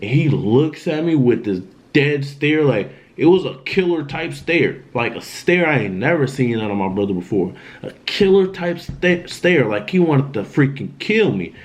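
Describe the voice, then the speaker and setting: A man's voice: mid-range voice, big pitch swings, normal speed. A man telling a dramatic story in a casual storytime vlog, in loose slang, often repeating himself. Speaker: vlogger.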